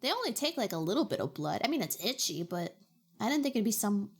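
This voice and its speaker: A woman's voice: mid-range voice, big pitch swings, fast talker, husky. A young adult woman streamer from Canada, chatting playfully and reacting to her chat. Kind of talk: casual chat.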